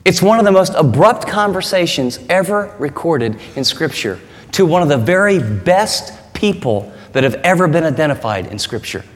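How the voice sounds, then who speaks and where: A man's voice: a little high, sing-song, moderate pace. A male pastor preaching a sermon in an emphatic, conversational way, often posing rhetorical questions, recorded with the long reverb of a large hall.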